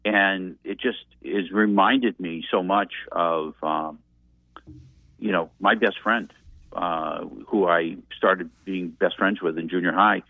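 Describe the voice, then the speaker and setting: A man's voice: low voice, fairly even intonation, slow pace, no room sound. Older New man on a phone line. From Massachusetts. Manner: rambling, reflective storytelling. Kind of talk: casual reminiscing. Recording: tinny dry phone line.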